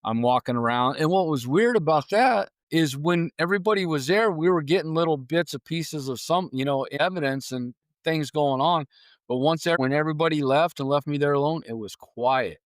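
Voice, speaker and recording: A man's voice: on the high side, normal speed, no room sound, studio quality. A man telling ghost-hunting stories casually as a podcast guest, acting out his own reactions as he goes. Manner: animated storyteller, acts out his own reactions. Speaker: paranormal investigator guest.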